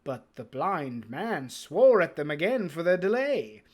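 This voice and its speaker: A man reads a classic adventure novel aloud in a theatrical way. His voice sits slightly high and swings widely as he takes his time over every line. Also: very animated, darkish tone. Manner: theatrical, unhurried storytelling. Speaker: reader.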